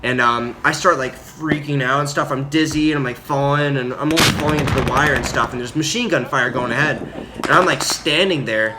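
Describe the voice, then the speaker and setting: A young man telling a story about his time as a Marine in a casual, rambling way, full of fillers and loud acted-out quotes. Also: medium pitch, fairly quick. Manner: rambling, filler-heavy, acts out quotes loudly. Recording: audible background noise.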